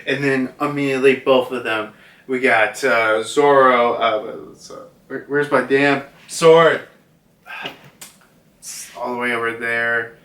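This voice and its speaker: A man's voice: mid-range voice, fairly even intonation, takes it slowly, fairly bright tone. A young man recapping a comic chapter in a casual, rambling way, full of fillers and acted-out character lines, recorded in a room at home. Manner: rambling, filler-heavy, acts out dialogue. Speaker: manga reviewer. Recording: roomy, from a distance.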